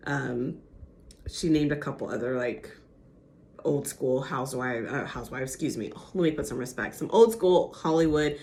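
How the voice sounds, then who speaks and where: A young woman recapping a reality TV episode in casual gossip chat, animated and acting out the cast's lines. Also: low voice, slight background noise. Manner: animated, acts out quotes with impressions.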